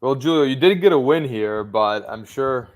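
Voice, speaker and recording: A male co-host on a live stream with a mid-range voice, reading audience challenges aloud. He teases his partner and laughs between lines in a relaxed, casual way. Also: mid-range voice, moderate pace. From Italy.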